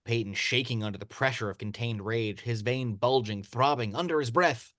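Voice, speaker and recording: A man's voice: medium pitch, normal speed, dry recording, studio quality. Man reading screenplay action lines. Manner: steady read-aloud narration. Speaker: narrator of stage directions.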